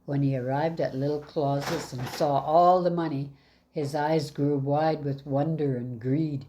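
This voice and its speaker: A woman reading a fairy tale aloud in an even, measured way. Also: low-pitched, a little hiss or hum. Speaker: storyteller.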